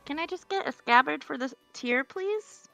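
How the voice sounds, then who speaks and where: A woman's voice: high voice, lively intonation, normal speed, vocal fry, pushed and bright, no echo, faint music behind. A woman in tabletop role-play banter, defensive and exasperated as she corrects the others. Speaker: player in a tabletop game.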